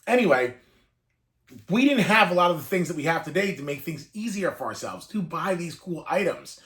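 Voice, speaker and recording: Man, thirties, collector, emotional storytelling, high voice, rambling, wistful, chokes up. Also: a bit bright. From Northeastern US. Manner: rambling, wistful, choking up at times. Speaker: toy collector. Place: room full of collected toys.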